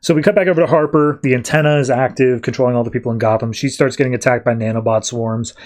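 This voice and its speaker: A man's voice: mid-range voice, fairly even intonation, fast, a little mellow. A man hosting a podcast, casually and loosely retelling a comic story. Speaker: podcast host.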